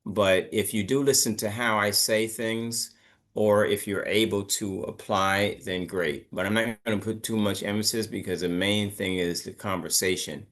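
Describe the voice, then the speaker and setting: Man teaching pronunciation, low voice. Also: fairly even intonation, moderate pace, fairly bright tone. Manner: coaching, repeats words for students to copy. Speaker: English teacher. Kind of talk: online pronunciation lesson.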